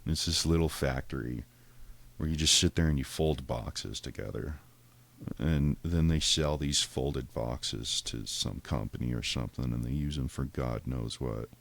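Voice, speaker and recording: A man's voice: a bass voice, normal speed, vocal fry, a bit bright. A man telling a long story in casual, profane podcast talk, rambling and acting out what people said in a raised voice. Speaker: podcast host.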